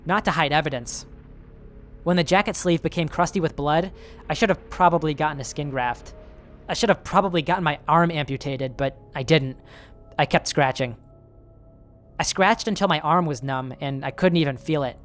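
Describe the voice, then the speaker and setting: A man reading a horror story aloud in the first person, in a nervous, self-justifying telling. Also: on the high side. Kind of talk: scripted horror story narration.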